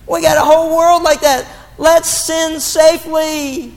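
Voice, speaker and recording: Male pastor with a high voice, preaching bluntly and animatedly in a reverberant church hall. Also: flat delivery, measured pace. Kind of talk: sermon.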